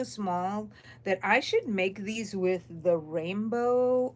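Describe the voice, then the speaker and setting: Woman, Texan accent, unhurried drawl, chatty and rambling, live crochet chat, a bit tired. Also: mid-range voice. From Texas. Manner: rambling, chatty, reads viewer comments aloud. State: tired, yawning. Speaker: crochet channel host. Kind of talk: casual live-stream chat while crocheting.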